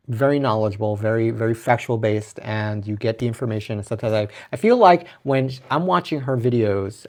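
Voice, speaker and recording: A man hosting his own podcast, talking in a loose, rambling way with frequent restarts, laughs and casual swearing. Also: medium pitch. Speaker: podcast host. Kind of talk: casual solo podcast monologue.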